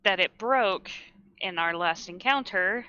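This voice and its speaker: A woman's voice: mid-range voice, measured pace, bright, forceful tone, clear, resonant tone, no echo, highs cut off. A woman playing a tabletop game in a playful, casual way. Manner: playful, laughs easily. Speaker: player.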